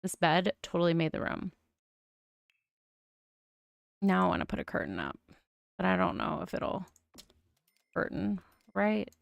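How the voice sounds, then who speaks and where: A woman's voice: fairly low pitch, very animated, moderate pace, gravelly, no echo. Chatty woman streamer with a mild lisp. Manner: chatty, musing aloud with frequent oohs. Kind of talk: casual game-building commentary.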